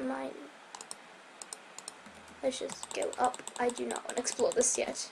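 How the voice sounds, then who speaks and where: A woman casually commenting on her gameplay, rambling and correcting herself, sometimes dropping to a soft whisper, her voice a bit strained. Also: on the high side, expressive, measured pace, creaky, pauses often, noisy background. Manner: rambling, self-correcting, chatty. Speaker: Minecraft let's player.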